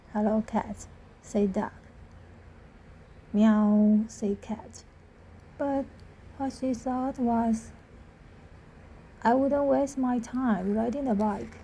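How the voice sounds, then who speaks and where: A woman reads a children's picture book aloud at an unhurried, deliberate pace. Her voice sits a little high but sounds mellow and dark in tone. A faint hiss of noise runs under the reading. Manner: slow, gentle, deliberate read-aloud with animal voices. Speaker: storybook reader.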